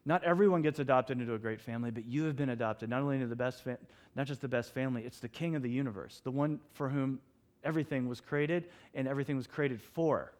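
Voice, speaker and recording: A middle-aged man preaching a sermon in a church, telling stories with animated, acted-out outbursts. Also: medium pitch, fast. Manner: animated storytelling, acts out his own shouts. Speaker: pastor.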